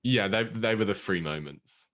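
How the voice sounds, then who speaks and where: A man's voice: lowish voice, normal speed, fairly bright tone. A man co-hosting a podcast in casual chat. He is chatty and self-deprecating, and he laughs often. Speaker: podcast co-host.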